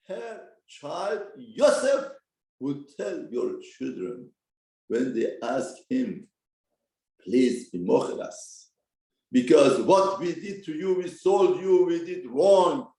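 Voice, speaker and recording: A man with a Persian accent, a native Persian speaker, giving a short ethics lesson and acting out the quotes he tells. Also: fairly high pitch. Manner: animated, acts out quotes, mixes Hebrew terms into English. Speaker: rabbi teaching a class. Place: study hall. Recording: echoey room.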